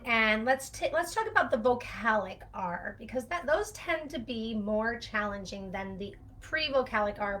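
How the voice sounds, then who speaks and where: A woman's voice: on the high side, fairly bright tone. A woman speech-language pathologist giving a casual, rambling teaching talk, with fillers and the odd laugh.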